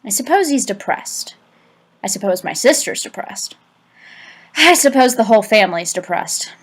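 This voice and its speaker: A woman's voice: medium pitch, expressive, moderate pace, breathy edge. A woman narrating an amateur audiobook in a plain reading voice, stumbling over a word now and then. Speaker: audiobook reader.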